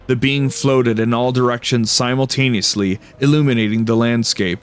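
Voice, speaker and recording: A man streaming a game reads its story aloud in a playful, dry narrating voice. He drops casual asides between passages. His voice sits in a middle pitch for a man. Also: fairly even intonation, moderate pace, few pauses, clear, resonant tone. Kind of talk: playing a game and reading its text aloud.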